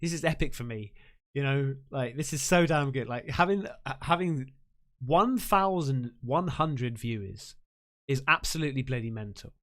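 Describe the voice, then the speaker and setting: A man hosting a live stream, chatting casually and excitedly, full of slang and thanking viewers effusively. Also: medium pitch, normal speed. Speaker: livestream host.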